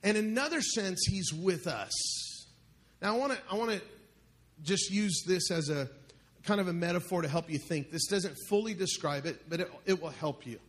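Man, pastor, high voice, live church sermon, joking, asks the congregation questions. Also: lively intonation, moderate pace.

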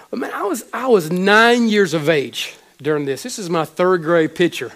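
Man pastor, forties, high voice, heartfelt halting sermon, stumbles and restarts. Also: animated, fairly bright tone. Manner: emotional, halting with many restarts.

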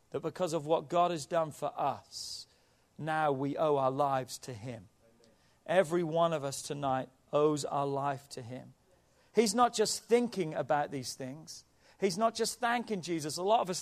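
A man's voice: sits high, measured pace. A man pastor preaching a sermon, asking rhetorical questions and drawing out repeated phrases.

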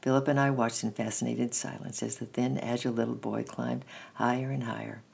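A man reading a children's story aloud in a steady, measured first-person narration. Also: mid-range voice, vocal fry, slightly rough.

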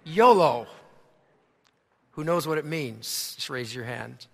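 A man with a Boston accent preaching a sermon, emphatic, moving from soft prayer to loud, forceful points. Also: medium pitch, moderate pace, gravelly, long reverb tail. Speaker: pastor. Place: church sanctuary.

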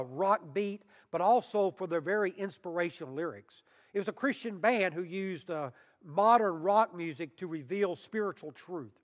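A man preaching a sermon as pastor, emphatic, with long pauses and rising intensity. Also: a little high, long reverb tail.

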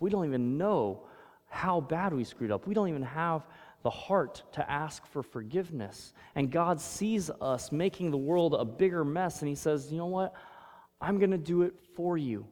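A man preaching a sermon, telling a personal story, swinging from loud emphatic lines to hushed ones. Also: a little high, lively intonation, unhurried. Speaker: pastor. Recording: long hall reverb.

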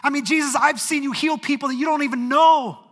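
A man voicing a grieving, angry woman who accuses loudly, as part of a sermon. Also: very high-pitched, fairly quick, big-room sound, voice pushed up. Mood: accusing. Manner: accusing, raised voice.

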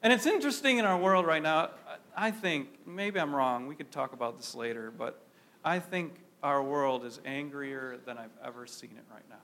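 A man's voice: fairly high pitch, normal speed, sharp tone. A man preaching a sermon to a congregation in a conversational way, often asking his listeners questions. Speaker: pastor.

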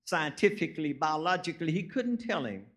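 A man's voice: fairly high pitch, sing-song, fairly quick, a bit bright. A man, preaching a sermon as a guest preacher, telling folksy stories and rising into emphatic preaching.

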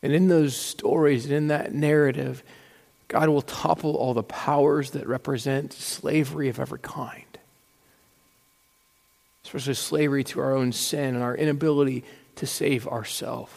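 A man's voice: medium pitch, steady tone, unhurried, gravelly, long pauses, a little mellow. A man preaching a sermon in a conversational, storytelling way, acting out little asides as he goes. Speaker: pastor. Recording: long hall reverb.

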